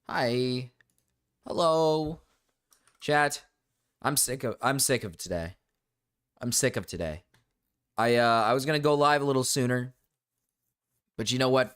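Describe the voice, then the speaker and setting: A man's voice: mid-range voice, expressive, a little slow, long pauses, a bit bright. A man streaming live, greeting his viewers one by one and venting in short, repeated phrases. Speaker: livestreamer. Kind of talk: casual live-stream chat.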